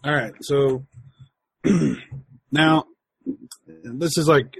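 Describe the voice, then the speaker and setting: A man's voice: medium pitch, fairly even intonation, takes it slowly, pauses often, husky. A man in casual chat, telling a rambling, crude comic story.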